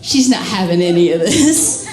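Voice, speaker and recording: A woman's voice: fairly low pitch, animated, normal speed, over music. A drunk woman from a small town in Mississippi, doing a bawdy, self-mocking stand-up set and laughing at her own jokes. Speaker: stand-up comedian. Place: comedy club stage with a live audience. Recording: echoey room with loud crowd laughter.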